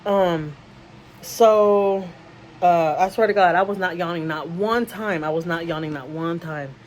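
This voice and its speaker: A woman's voice: fairly low pitch, a little slow, darkish tone, slight background noise, rough recording. A woman vlogger chatting casually to camera, rambling and emotional, with frequent restarts and repeated words. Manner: emotional storytelling.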